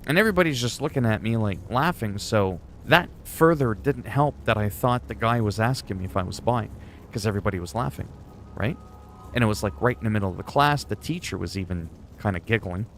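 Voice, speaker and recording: A man's voice: fairly low pitch, brisk, a bit bright, slight background noise. A man streaming games, chatting in a rambling, joking way with some swearing. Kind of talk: casual chat while gaming.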